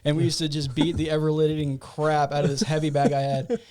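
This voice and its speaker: A young American man, a podcast guest, talking fast in casual, joking banter with some crude humor. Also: a little high, level tone, a little mellow. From United States. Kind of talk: casual chat.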